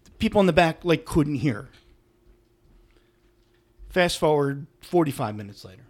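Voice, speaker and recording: Middle-aged man telling a story animatedly. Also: a little slow. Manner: animated, swings from loud emphatic bursts to low muttered asides. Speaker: podcast co-host. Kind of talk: casual storytelling chat.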